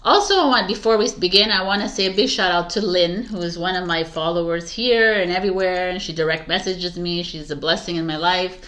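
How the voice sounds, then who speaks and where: A woman's voice: lowish voice, brisk, hardly any pauses, a bit bright. A woman doing tarot intros who keeps laughing, stumbling over her words and swearing casually. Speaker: tarot reader. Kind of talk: casual blooper chat.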